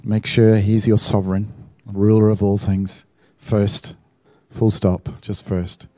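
A man's voice: lowish voice, little pitch movement, slow, warm tone, dry recording, clean studio sound. A man leading a church service as pastor, encouraging the congregation. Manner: encouraging, exhorting. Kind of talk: sermon.

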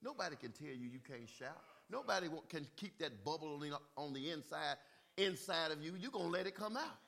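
A male preacher delivering a sermon, calling for "amen" and swinging from quiet talk into shouted bursts. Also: on the high side, lively intonation, brisk, creaky.

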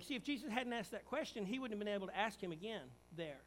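A man preaching a sermon as pastor, swinging from quiet reflection to emphatic, rising declarations and acted-out quotes. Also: sits high, lively intonation, quick pace, rough recording.

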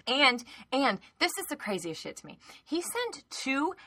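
A woman's voice: sits high, a little slow, dry recording. Young woman podcast cohost, sarcastic, swears a ton, super bouncy voice, dry sound. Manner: animated, sarcastic, swears a lot, laughs often. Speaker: podcast co-host. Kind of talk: casual political chat.

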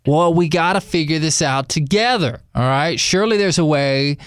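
A man's voice: a little high, normal speed, smooth, dry recording, studio quality. A man in his thirties co-hosting a radio show, teasing and cracking puns. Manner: joking, teasing, punny. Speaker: radio co-host. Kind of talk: casual radio banter.

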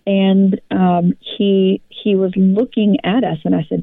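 A woman co-hosting a podcast, telling a personal story in an animated, rambling way with many restarts. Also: medium pitch, unhurried, vocal fry, hardly any pauses, no room sound. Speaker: podcast co-host. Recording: dry, phone-like line.

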